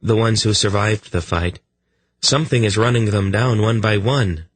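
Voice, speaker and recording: A man's voice: lowish voice, moderate pace, a little hiss or hum, voice pushed up, natural voice. A man voicing a shaken young man in an audiobook, speaking in a subdued, sick voice. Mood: sickened. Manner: queasy, subdued.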